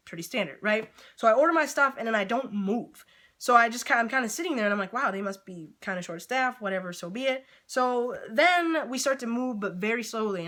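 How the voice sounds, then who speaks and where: A young woman vlogger casually telling a storytime anecdote, chatty and full of fillers, acting out her own reactions. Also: medium pitch. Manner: chatty, filler-heavy, animated retelling.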